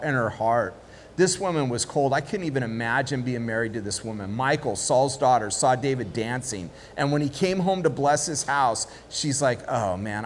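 A man preaching a sermon as pastor, lively and conversational, acting out little voices of the people in his story. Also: fairly high pitch. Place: church hall. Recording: long hall reverb, faint background noise.

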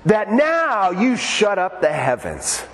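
A man putting on the voice of a flashy older man who prays grandly and loudly, heard with long hall reverb. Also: sits high, huge pitch swings, slow, slight background noise, pitched above the performer's own voice, exaggerated voice. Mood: proclaiming. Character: flashy showy older man praying boldly.

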